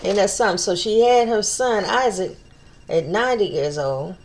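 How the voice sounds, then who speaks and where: Woman, mid-pitched, leads a casual Bible study; reads scripture, stumbles on names, thinks aloud. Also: normal speed. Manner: thinks aloud, stumbles over names, repeats phrases while working things out.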